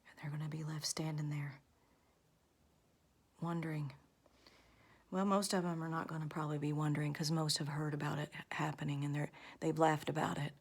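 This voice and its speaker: Low, flat-voiced woman preaching. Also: brisk, long pauses, husky. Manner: earnest, preachy, often half-whispered. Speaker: vlogger. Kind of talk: religious warning monologue.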